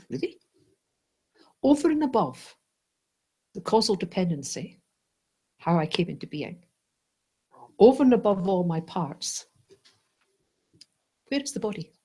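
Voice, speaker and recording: Husky woman teaching Buddhist philosophy. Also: fairly low pitch, measured pace, pauses often. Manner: animated, playful, asks "right?" and "yes?". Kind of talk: teaching a dharma class.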